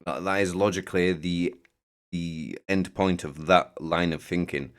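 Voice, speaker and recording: Low-pitched man hosting a reaction video, sarcastic, dry and mocking. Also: steady tone, a little slow, smooth. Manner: sardonic, mocking. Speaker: commentary host. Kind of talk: reaction commentary.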